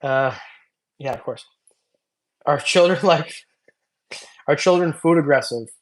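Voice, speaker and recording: A man's voice: fairly high pitch, unhurried. Tired, rambling livestream host, man. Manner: loose, rambling, joking, many fillers. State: tired after a long stream. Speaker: reptile channel host. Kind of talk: casual livestream chat reading comments.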